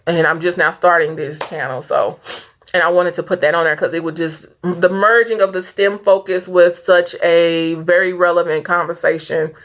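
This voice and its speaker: A woman's voice: fairly low pitch, fairly even intonation, normal speed, fairly bright tone. Woman, tearful, earnest, rambling, casual movie review vlog, stops and restarts mid-sentence. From Saint Louis area. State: tearful, fighting back crying.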